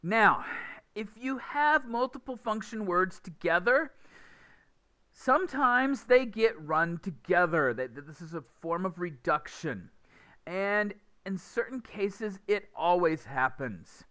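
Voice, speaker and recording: Man, pronunciation teacher, slow deliberate lecture, bright fairly high voice, exaggerated example phrasing. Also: animated. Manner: slow, deliberate, demonstrative stress and pauses. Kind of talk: classroom lecture.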